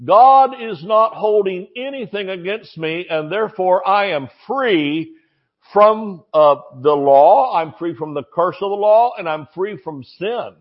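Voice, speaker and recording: A man's voice: high voice, animated, unhurried, dull audio. A man preaching a sermon in a folksy, joking, emphatic way.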